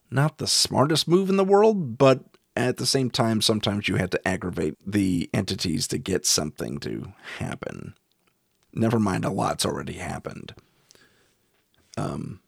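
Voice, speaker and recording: A man's voice: on the low side, vocal fry, a bit bright, dry recording, studio quality. A middle-aged man, a paranormal investigator, recounting a ghost investigation in a wry, chuckling way.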